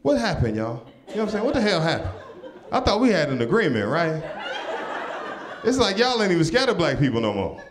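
Lively stand-up comic from Detroit. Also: male voice, brisk, roomy sound. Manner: animated storytelling, high squeaky voices for quoted people. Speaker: stand-up comedian. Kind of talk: stand-up comedy set. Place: comedy club stage. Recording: live club with crowd laughter.

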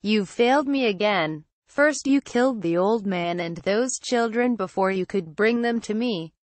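A woman's voice: medium pitch, unhurried, no room sound, natural voice. A woman voicing a scornful male alien overlord in a horror story reading, berating his servant.

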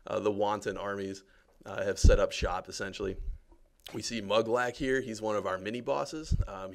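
A man's voice: on the low side, creaky. A man, a game developer, giving casual and jokey live commentary while touring a game, with lots of fillers. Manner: chatty and jokey, many fillers.

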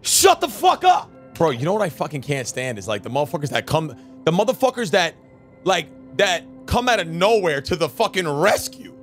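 A man's voice: on the high side, animated, brisk, a bit bright, soft background music. A man streaming a game, ranting heatedly and swearing constantly in casual chat. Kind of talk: casual live-stream rant.

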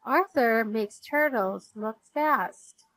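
Pushy snack-loving boy, voiced by a woman, eager and loud. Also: on the high side, slow pace, dry recording. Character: hungry, pushy young boy.

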